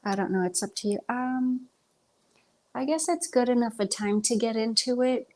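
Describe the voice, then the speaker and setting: A woman's voice: a little high, moderate pace, warm tone. A woman hosting a live film discussion in a casual chat, talking hesitantly with lots of ums and self-corrections.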